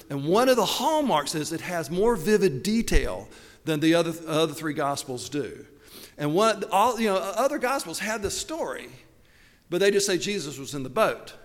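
A man preaching in a lively, conversational way, telling the story with chatty asides. His voice sits a little on the high side and carries a long echo from a large hall. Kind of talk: sermon.

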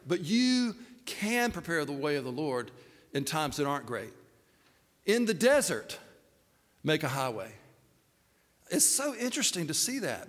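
A man's voice: a little high, a bit bright. Earnest older man preaching in a reverberant hall. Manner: earnest and personal, with hesitant fillers. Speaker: pastor. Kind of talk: sermon.

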